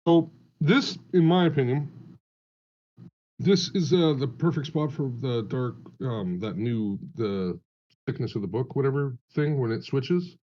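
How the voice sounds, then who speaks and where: A man's voice: mid-range voice, a little slow, mellow. Crude-joking man on a dull recording. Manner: crude joking, thinking aloud. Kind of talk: casual chat among friends. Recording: dull lo-fi sound.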